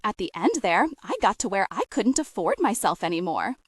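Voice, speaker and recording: A woman narrating a gentle, humorous audiobook story with expressive storytelling. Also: mid-range voice, brisk, husky, no room sound, clean studio sound.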